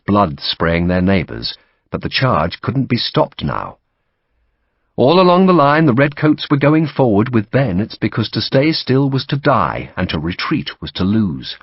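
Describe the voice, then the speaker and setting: A man reading a novel aloud as audiobook narration, steady and dramatic. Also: lowish voice, measured pace, breathy edge, no room sound, muffled recording.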